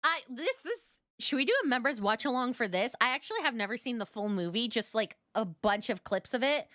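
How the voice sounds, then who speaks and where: A woman's voice: on the high side, fast, a bit bright, dry recording, clean studio sound. A woman streamer chatting casually with her viewers, giggly and rambling, with lots of fillers. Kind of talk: casual reaction chat.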